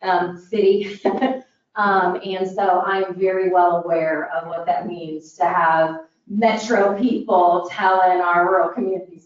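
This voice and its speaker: A woman from Northern Indiana with a northern US accent gives an earnest presentation at a public forum for a disaster recovery group, using many "um" fillers. Her voice is lowish, a little slow, and barely moves in pitch. She's in a large meeting room, and the recording is distant, dull-miked, and echoey like a hall.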